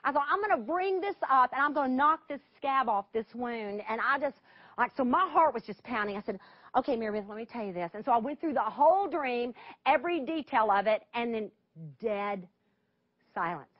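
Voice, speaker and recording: A woman's voice: on the high side, lively intonation, a little fast, dry recording, dull audio. A middle-aged woman, telling an emotional story dramatically to an audience and speaking straight to them.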